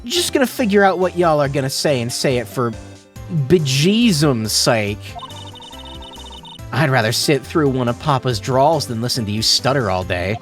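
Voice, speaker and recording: A man's voice: mid-range voice, sing-song, soft background music, lightly acted. A man streamer voicing a brash young Southern woman in a game, with a put-on Southern drawl and a folksy scolding manner. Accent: put-on American Southern drawl. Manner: sassy, folksy, quick to scold. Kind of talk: streamer reading game dialogue aloud.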